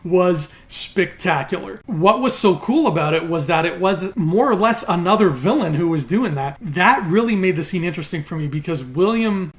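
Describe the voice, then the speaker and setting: A man talking casually as a TV reviewer, recapping in an animated way with quick acted quotes. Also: sits high.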